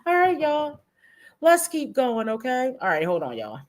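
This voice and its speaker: A woman's voice: sits high, wildly swooping pitch. A woman streamer reacting to posts in a brash, profane, mocking way. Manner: slow-paced, drawn-out. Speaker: commentary streamer. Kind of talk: reaction commentary.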